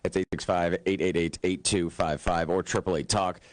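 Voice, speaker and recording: A man's voice: deep voice, fairly even intonation, moderate pace, dry recording. A man hosting a morning radio talk show in a joking, rambling way with plenty of fillers. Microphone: studio microphone.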